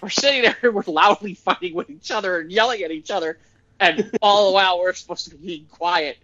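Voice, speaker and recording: Bright, high male storyteller on a dull lo-fi recording, acting out quotes. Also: a little fast. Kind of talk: casual chat.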